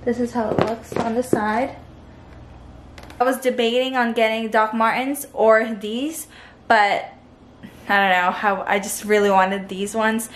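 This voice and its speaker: Casting: upbeat young woman vlogger, high-ish voice, chatty, faint room hiss. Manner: bubbly and chatty, many fillers. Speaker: lifestyle vlogger. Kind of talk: casual vlog chat to camera.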